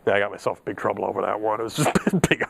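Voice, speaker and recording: A man's voice: on the low side, rapid-fire, vocal fry, slight background noise. A middle-aged man teaching an electronics class, chatty and joking, laughing at his own asides. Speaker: electronics instructor. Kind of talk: classroom lecture.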